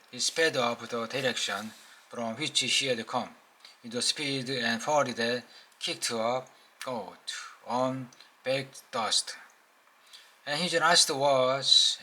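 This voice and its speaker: Slow Korean-accented man reading aloud. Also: mid-range voice, bright, forceful tone, rough recording. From South Korea. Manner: slow, halting reading with small slips.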